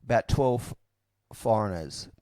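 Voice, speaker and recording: A man's voice: lowish voice, lively intonation, slow pace, dark tone, no room sound, studio quality. A man in young adulthood, frankly and reflectively telling his story in casual talk, with many fillers and restarts. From Australia.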